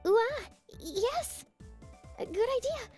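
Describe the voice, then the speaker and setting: Woman doing a squeaky eager schoolgirl. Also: very animated, slow pace, darkish tone, faint music behind, exaggerated voice. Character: cheerful teen girl, sweet and eager.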